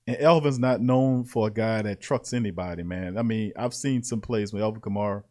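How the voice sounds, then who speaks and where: A man hosting a casual sports talk show, reading out practice notes and reacting with animated, laughing commentary. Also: lowish voice, brisk. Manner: animated, laughing, repeating lines for emphasis.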